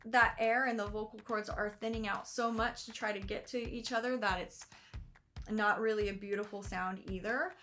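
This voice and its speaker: A woman's voice: mid-range voice, fairly even intonation, normal speed, a bit bright, soft background music. American woman teaching singing. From United States. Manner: casual and hedging, with many "kind of" fillers. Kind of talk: explaining vocal anatomy to the camera.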